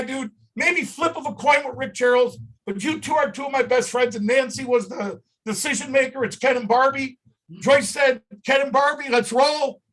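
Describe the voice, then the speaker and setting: A company owner talking on a live video call, emotional and fired up, shouting and repeating himself for emphasis. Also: male voice, very high voice, low-quality recording. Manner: shouting, emotional, punchy repetition.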